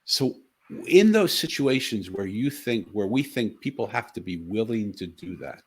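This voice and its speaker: A middle-aged man co-hosting a talk show, telling a personal story in an earnest, animated way with frequent restarts. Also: lowish voice, normal speed, breathy edge. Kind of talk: casual chat, storytelling.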